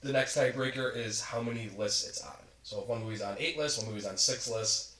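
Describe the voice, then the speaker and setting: Fast-talking young man in an echoey room. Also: mid-range voice, fairly bright tone, recorded from a distance. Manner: rapid, rambling, self-interrupting. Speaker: podcast co-host. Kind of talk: casual movie review chat. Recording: roomy, set back from the mic.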